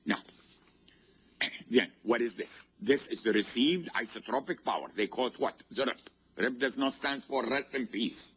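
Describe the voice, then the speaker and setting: Speaking at normal speed in a mid-range voice that is a bit bright and husky, a male university professor lectures to a class in a lecture hall. Again and again he has students complete his points and checks if they're keeping up.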